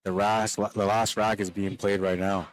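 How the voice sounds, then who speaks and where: A man giving relaxed, chatty live play-by-play commentary on a pool match, a little worn down late in the day and talking straight to stream viewers. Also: on the low side, measured pace, no room sound.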